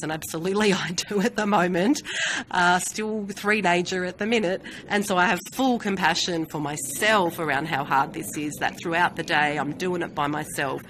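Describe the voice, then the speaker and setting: Woman, lowish voice, earnest, candid, self-reassuring, lots of "you know", live-stream monologue. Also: normal speed, fairly bright tone, slight background noise, low-quality recording. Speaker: host of a personal-growth live stream.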